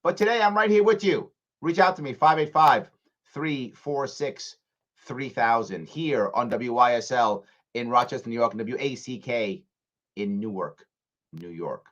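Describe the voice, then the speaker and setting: A male host of a live call-in radio talk show, talking emphatically and swinging between loud punches and hushed asides. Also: medium pitch, unhurried, muffled recording.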